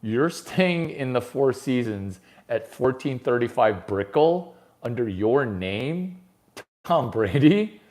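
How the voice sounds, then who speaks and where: A man doing a rambling stand-up monologue, brash and profane, swinging from mutters to shouts. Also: mid-range voice, lively intonation, takes it slowly. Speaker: comedian.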